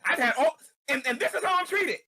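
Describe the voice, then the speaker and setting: A man's voice: extremely high pitch, animated, fairly quick, sharp tone. A man, a street evangelist, delivering an angry ranting video monologue, repeating himself and stammering as he goes.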